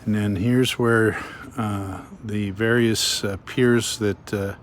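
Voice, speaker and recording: Slow-talking man narrating a walk outdoors. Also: lowish voice, fairly even intonation, slight background noise. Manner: chatty, joking tour-guide commentary. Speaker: vlog host. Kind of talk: casual walking vlog narration. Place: outdoors on a waterfront.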